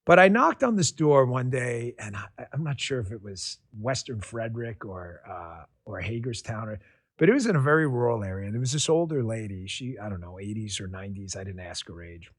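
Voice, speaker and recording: A man's voice: fairly low pitch, fairly quick, dry recording. Man hosting a talk show, dry sound. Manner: relaxed, rambling, frequent fillers and restarts. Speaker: podcast host. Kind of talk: conversational interview storytelling.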